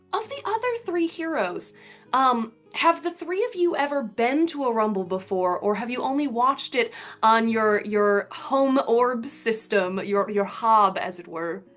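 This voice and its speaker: Higher-voiced woman narrating as game master. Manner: lively, laughing, bustling narration.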